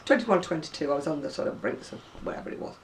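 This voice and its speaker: She's in her sixties, a home video blogger from the Oldham area of Lancashire whose accent has softened after years near Manchester. Her low voice is animated and racing as she rambles through a chatty video reply, reading words aloud with asides and self-corrections, slightly distant from the mic.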